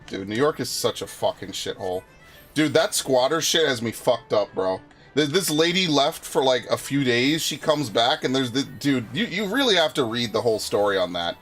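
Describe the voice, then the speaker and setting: A man's voice: mid-range voice, moderate pace, faint music behind. A young man streaming a game, telling stories in casual, profane chat with a friend. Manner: animated, profane storytelling.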